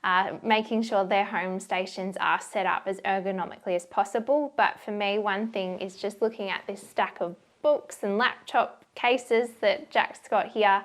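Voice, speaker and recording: A woman's voice: medium pitch, a bit bright. A young woman presenting a workplace safety video in a friendly, chatty instructional way. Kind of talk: casual instructional talk.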